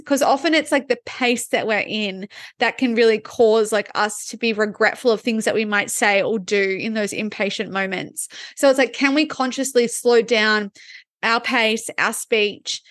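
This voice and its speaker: Higher-voiced woman chatting about wellness. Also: normal speed, no echo, studio quality. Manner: reflective, talks through ideas with frequent "like". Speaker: podcast co-host. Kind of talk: casual wellness chat.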